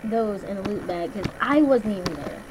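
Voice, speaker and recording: A young woman chats casually while playing a game, rambling and swearing freely, her sentences full of "like" and "basically." Her voice sits at a middle pitch. The recording carries clear background noise. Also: normal speed, darkish tone, rough recording. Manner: chatty, swears casually, storytelling with lots of "like" and "basically". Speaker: gaming video co-host. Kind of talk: casual gameplay chat.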